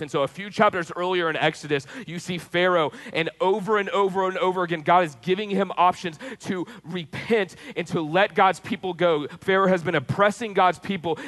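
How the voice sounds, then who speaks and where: A man preaches from the pulpit in a fairly high voice. He pushes his pitch and volume up as he presses a point, then falls quiet and slow to let key words land. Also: low-quality recording. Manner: rises in pitch and volume when pressing a point, drops low and slow for emphasis. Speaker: pastor. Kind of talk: sermon.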